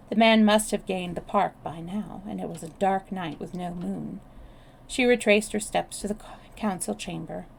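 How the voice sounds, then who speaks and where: Gravelly-voiced woman reading a novel. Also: medium pitch, a little hiss or hum. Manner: steady reading with small restarts. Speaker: storyteller. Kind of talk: reading a novel aloud on a live stream.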